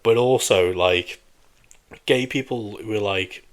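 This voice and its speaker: A young adult man hosting a podcast in casual chat, blunt, crude and quick to joke. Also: lowish voice, a little hiss or hum. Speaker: podcast host.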